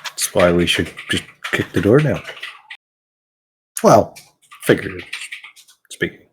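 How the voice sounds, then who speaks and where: A man's voice: sits low, lively intonation, unhurried, slight background noise. A man playing a tabletop game who talks bluntly and argues his point. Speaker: player.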